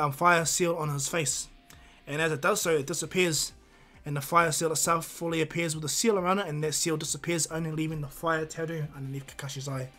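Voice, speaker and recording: A man's voice: fairly high pitch, fairly bright tone. A man improvising a fan fiction story aloud, rambling with many fillers and restarts.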